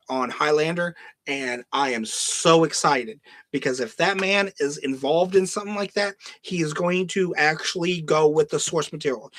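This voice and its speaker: A man's voice: a little high, no echo. A man hosting a podcast, ranting in casual, heavily profane commentary, now and then mocking film lines in a put-on voice. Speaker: podcast host.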